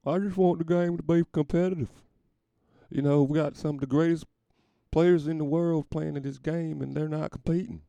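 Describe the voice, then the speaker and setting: A man's voice: a little high, steady tone, normal speed, vocal fry, mellow, dry recording, voice pushed up. A man putting on a folksy country drawl to play an older man. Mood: earnest. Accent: put-on rural American.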